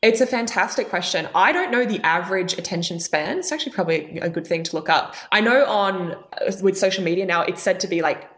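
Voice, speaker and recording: A young adult woman speaking as a guest coach in a podcast interview, animated and expressive, shifting her pitch for emphasis. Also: a little fast, hardly any pauses.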